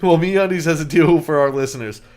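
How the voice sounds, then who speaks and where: A man's voice: fairly high pitch, a little fast, a little mellow. A man co-hosting a podcast, reading a sponsor ad casually and joking around with his co-host. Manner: joking, breaks up laughing while reading. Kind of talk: casual ad read.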